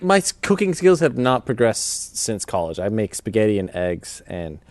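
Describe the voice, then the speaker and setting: A man in casual podcast banter, talking in halting starts and defending himself with amusement. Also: fairly low pitch, sing-song, no echo. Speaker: podcast regular. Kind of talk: casual chat.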